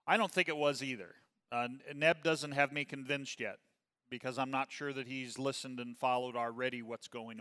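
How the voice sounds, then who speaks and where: A man leading a Bible study class, talking casually with his group and often asking "okay?", and reading scripture slowly and with emphasis. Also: mid-range voice, bright, forceful tone, clean tone, big-room sound. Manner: conversational, checks in with "okay?" often.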